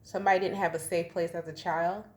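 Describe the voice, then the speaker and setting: A woman's voice: lowish voice, little pitch movement, quick pace, a little mellow. A woman in her thirties giving a casual tarot reading, chatty and slangy, laughing often. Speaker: tarot reader. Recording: echoey room, faint ambience.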